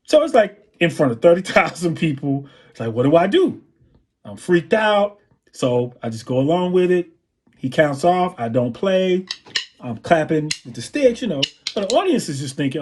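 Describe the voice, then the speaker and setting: Husky drummer telling stories. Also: male voice, high voice, moderate pace. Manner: relaxed anecdotal, sings drum patterns. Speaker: drummer and guest. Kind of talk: interview storytelling.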